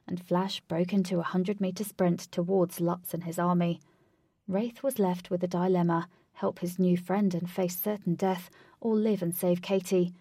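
A woman narrating an adventure story in a steady, clear storytelling voice. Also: lowish voice, moderate pace, no room sound, studio quality.

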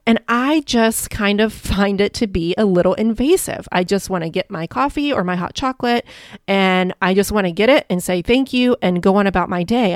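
A woman's voice: medium pitch, dry recording, studio quality. A woman hosting her own podcast as a life coach, telling stories in a chatty, upbeat way. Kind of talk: casual solo podcast monologue.

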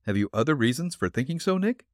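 A man's voice: mid-range voice, very animated, fast talker, dry recording, studio quality, pitched above the performer's own voice, lightly acted. A man reading the part of an eager young male detective assistant who keeps questioning and reacting with surprise.

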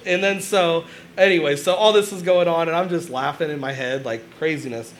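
A man's voice: fairly high pitch, brisk, slight background noise. A young adult man, preaching a sermon to his congregation in a conversational, storytelling way. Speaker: pastor. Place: church sanctuary.

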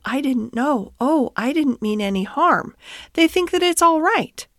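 A woman voicing an earnest male head groom who is devoted to his horse, speaking slowly and heavily, then with indignation, in a bedtime storybook reading. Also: lowish voice, no echo, studio quality, natural voice. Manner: slow and heavy, rising to indignant outrage. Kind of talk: storybook read-aloud.

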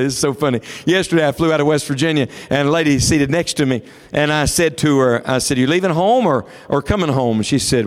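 A man preaching a sermon in a sanctuary, his somewhat high voice carrying long reverb off the walls. He swings from rising, emphatic declarations to quiet, close storytelling. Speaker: pastor.

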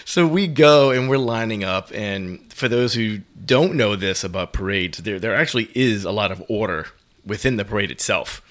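A podcast host from New with the local tells a story in casual chat. His voice sits fairly low, and he talks with animation and laughs often. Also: normal speed, a bit bright. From New Orleans.

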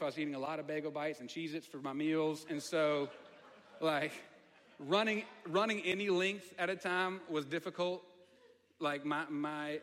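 A man's voice: fairly high pitch, fairly bright tone. A man with a Southern accent, preaching a storytelling sermon in a conversational way, with asides to the audience. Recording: long hall reverb.

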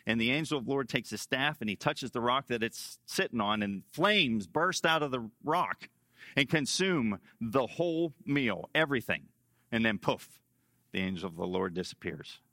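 A male pastor preaching a sermon emphatically, repeating key phrases and swinging between loud stresses and hushed lines. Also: lowish voice, no room sound.

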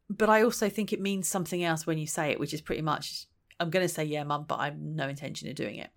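A woman talks in a relaxed, reflective way, thinking aloud as she goes. Her voice sits fairly low. She slips into little acted-out quotes to make her points. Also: fast talker. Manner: chatty, thinks aloud, acts out quoted lines. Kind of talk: reflective solo talk.

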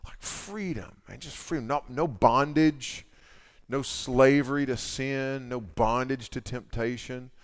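Guy giving a laid-back camp talk to girls, chatty and animated, lots of slang. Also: medium pitch, a little slow. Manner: animated, folksy storytelling with slangy asides. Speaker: camp speaker. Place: camp meeting hall.

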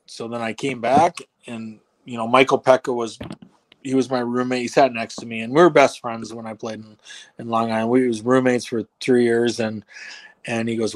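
A man's voice: medium pitch, fairly even intonation, fairly quick. A man telling a long, rambling story on a podcast in a casual way, acting out other people's lines with plenty of restarts and swearing. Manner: acts out quoted dialogue. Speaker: podcast guest.

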